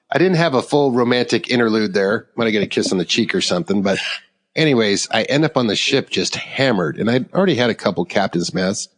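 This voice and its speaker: Animated man spinning a rambling yarn. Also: on the low side. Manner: rambling, animated, laughs through his story. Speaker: podcast co-host. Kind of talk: casual storytelling. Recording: long hall reverb.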